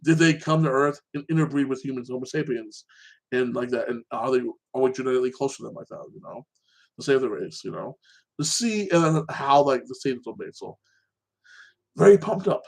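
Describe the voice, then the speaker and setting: A man hosting his own show, chatting casually about TV shows and an upcoming fight, rambling and excitable, tagging "like that" onto his sentences. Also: mid-range voice, fairly quick. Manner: animated, excitable. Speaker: show host.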